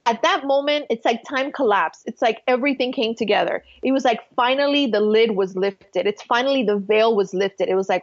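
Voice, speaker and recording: A woman's voice: a little high, brisk, hardly any pauses, highs cut off. A woman guest on a podcast, telling a spiritual personal story in an earnest, emotional way, full of fillers. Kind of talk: casual interview storytelling.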